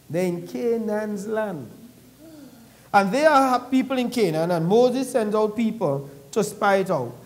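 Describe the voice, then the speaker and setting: A man preaches a sermon in church, reading scripture aloud and explaining it conversationally, with questions for the congregation. His voice sits high.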